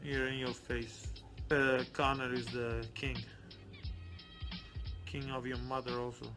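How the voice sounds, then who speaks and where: A man's voice: mid-range voice, level tone, takes it slowly, over music, natural voice. A man putting on a brash male fighter who trades crude insults with online critics in broken phrasing. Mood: taunting.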